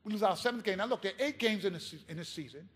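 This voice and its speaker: A man giving a keynote speech, telling a story in an impassioned, animated way. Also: sits high, very fast, slightly rough, big-room sound. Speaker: keynote speaker.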